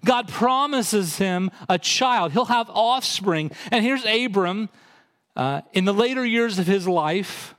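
Guy preaching a sermon, kinda high voice, gets fired up on the big points. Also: animated, takes it slowly, a bit bright. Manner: rises in pitch and intensity when quoting and emphasizing; explanatory, conversational preaching with fillers. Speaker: pastor.

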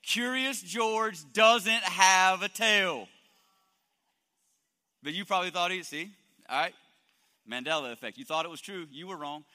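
A male pastor preaching a lively sermon, joking and quizzing his congregation in a church hall. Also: sits high, unhurried, pauses often. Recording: long hall reverb.

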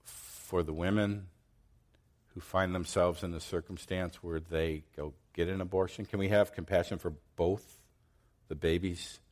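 A middle-aged man preaching a sermon, telling stories with lively swings between loud outbursts and quiet asides. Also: low-pitched. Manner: animated storytelling, acts out quoted voices, swings loud and soft. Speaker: pastor.

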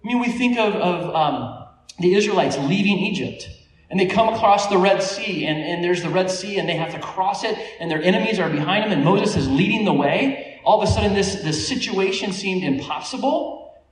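A man preaching a sermon, telling stories in a conversational, animated way with small laughs. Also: high-pitched, normal speed. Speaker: pastor. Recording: echoey room, voice from a distance.

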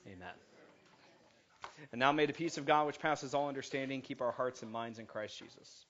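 Brief: male pastor, bright forceful voice, joking then earnest sermon, dull lo-fi recording. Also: medium pitch, normal speed, a little hiss or hum. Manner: jokey and animated, then calm and earnest. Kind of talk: lighthearted sermon. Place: church sanctuary. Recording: muffled lo-fi sound.

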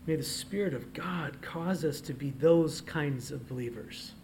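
A man preaching a sermon, his voice pitched high. He moves between soft, conversational asides and loud, emphatic proclamations. A faint background noise sits under the recording. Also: unhurried. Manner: shifts from quiet asides to loud emphatic declarations. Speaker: pastor.

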